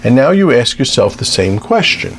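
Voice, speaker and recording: A man lecturing on mathematics with a lively, up-and-down delivery and a gravelly edge to his voice. He keeps checking in with his listeners as he works through examples. A faint hiss sits under the recording. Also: medium pitch, moderate pace. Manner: lively, repeats "okay" as a check-in. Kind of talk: math lecture.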